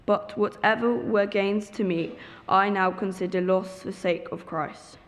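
A woman's voice: mid-range voice, steady tone, unhurried. Female scripture reader, careful delivery, mid-range voice, echoing hall. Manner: careful reading with occasional stumbles. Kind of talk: reading scripture aloud. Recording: long hall reverb.

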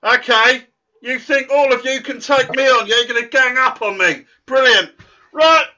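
A man's voice: extremely high pitch, measured pace, bright, forceful tone, full character voice. A man voicing a cocky, boastful male quizmaster character who teases the kids in a comic church sketch. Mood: smug teasing. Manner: teasing, boastful, playfully smug. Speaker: quiz host at a church service. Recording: muffled lo-fi recording.

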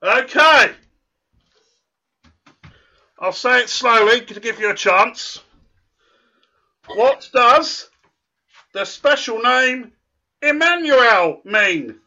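Guy doing a squeaky bragging quiz host, bright and high, takes his time, muffled sound. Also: slow, long pauses, exaggerated voice. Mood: smug teasing. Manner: teasing, boastful, playfully smug. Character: cocky boastful male quizmaster character Derek. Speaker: quiz host at a church service. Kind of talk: comic church sketch. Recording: muffled lo-fi recording.

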